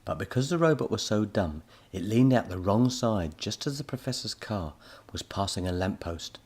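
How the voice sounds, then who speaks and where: A man narrating a children's story as an expressive audiobook reader. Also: on the low side, normal speed, slightly rough.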